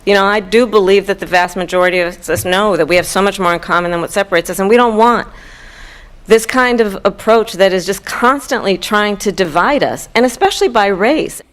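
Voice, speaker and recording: A woman giving debate remarks in a measured, earnest way, with a few hesitations. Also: medium pitch.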